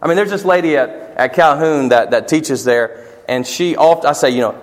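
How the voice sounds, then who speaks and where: A man with a Southern American accent preaching a sermon as pastor, animated and emphatic, with rhetorical questions and repetition. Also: medium pitch, normal speed. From Southern United States. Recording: long hall reverb.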